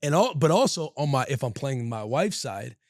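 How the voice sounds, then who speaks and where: Energetic slangy man telling a story. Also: mid-range voice, normal speed, no room sound, clean studio sound. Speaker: podcast co-host. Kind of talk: casual chat.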